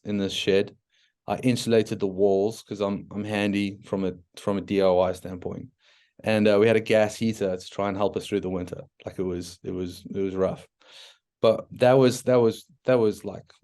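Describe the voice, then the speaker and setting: A man from South Africa with a South African accent, a podcast guest telling his story in a frank, animated way, full of restarts and "like" fillers. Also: lowish voice, clean tone. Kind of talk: casual storytelling interview.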